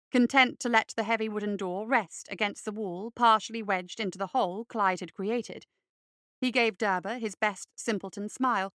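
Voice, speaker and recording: A woman reading an audiobook in a measured, wry storytelling manner, her voice bright and a touch high. The recording is close-miked and dry, with no room sound. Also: dry recording. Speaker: narrator. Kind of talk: scripted audiobook narration.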